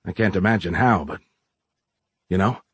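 A weary, resigned man who works with tech, read by a male narrator, musing aloud in a tired way. His voice is low and husky. The recording is close and dry. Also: normal speed, dry recording.

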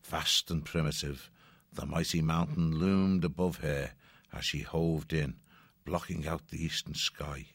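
A man narrating an audiobook story in a measured, even storytelling manner. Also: extremely low pitch, dry recording, clean studio sound.

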